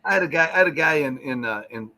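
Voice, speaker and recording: A man's voice: on the high side, animated, fast talker, sharp tone. A man from Ohio talking easily as a guest on a live show, often repeating himself as he starts. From Gibsonburg, Ohio. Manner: easygoing, repeats words and restarts. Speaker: guest musician. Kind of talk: casual interview chat.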